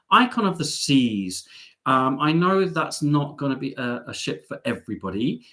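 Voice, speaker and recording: A man's voice: medium pitch, very animated, a little slow, fairly bright tone. A middle-aged man hosting a live stream, chatting casually as he reads out viewer comments, with sarcastic, self-mocking asides and lots of ums.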